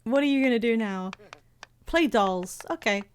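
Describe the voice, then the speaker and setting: A woman's voice: on the high side, normal speed, clean tone. A woman streaming a game live, chatting casually with viewers, laughing often and poking fun at herself. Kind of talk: casual livestream chat.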